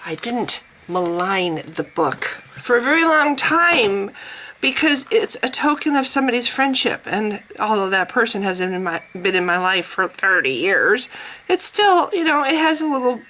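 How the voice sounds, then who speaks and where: A woman's voice: mid-range voice, sing-song, moderate pace, pushed and bright, rough recording. A middle-aged woman talking bluntly and profanely in a casual vlog monologue, laughing often. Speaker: vlogger.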